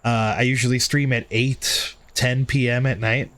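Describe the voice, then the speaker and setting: A man's voice: mid-range voice, flat delivery, moderate pace, fairly bright tone, no echo. Frank, swearing male streamer chatting. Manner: candid, self-critical, swears freely, chats with viewers. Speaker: livestream host. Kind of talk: casual stream chat.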